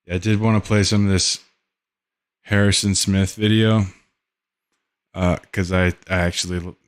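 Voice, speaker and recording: A man hosting a podcast, talking casually and haltingly, often searching for words. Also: low-pitched, flat delivery, clean tone. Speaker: podcast host. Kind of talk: casual solo commentary.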